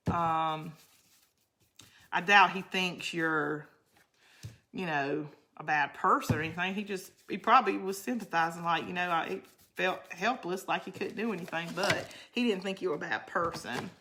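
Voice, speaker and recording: A woman's voice: on the low side, normal speed, sharp tone. A middle-aged woman hosts a casual craft livestream. She rambles chattily and answers viewer comments as she works. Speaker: craft channel host.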